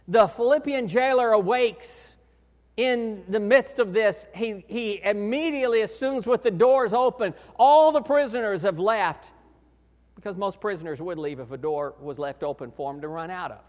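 A man preaching a sermon as pastor, earnest, swelling to loud emphasis and dropping low again. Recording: echoey hall reverb.

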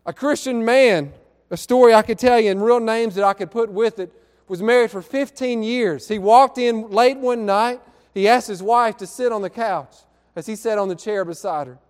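A man preaching a sermon, telling a story in an earnest way and drawing out key words slowly. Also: high-pitched, darkish tone, clean tone, long reverb tail. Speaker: pastor. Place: church sanctuary.

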